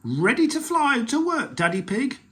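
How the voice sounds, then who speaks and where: A man voicing a brisk, helpful female rabbit pilot in a storybook, in a chirpy manner. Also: extremely high pitch, big pitch swings, a bit bright, slight background noise, voice pushed up, heavily acted.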